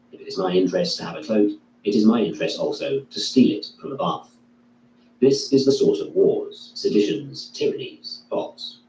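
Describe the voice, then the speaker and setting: Low-voiced man reading in an echoey room. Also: dark tone. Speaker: reader. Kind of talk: reading a classical philosophy text aloud. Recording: echoey room, distant mic, faint hum.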